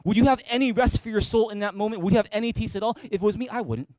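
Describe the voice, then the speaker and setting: A man preaching a sermon as pastor in an animated way, building to emphatic peaks and asking the listeners direct questions. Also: high-pitched, rapid-fire, no echo. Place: church stage.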